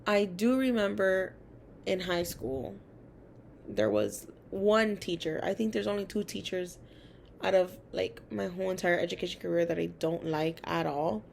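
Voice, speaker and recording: Gravelly-voiced young woman telling stories. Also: on the low side, moderate pace, slight background noise. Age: young adult. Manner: chatty, many fillers, animated quoting of others. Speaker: college student. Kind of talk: casual personal storytelling.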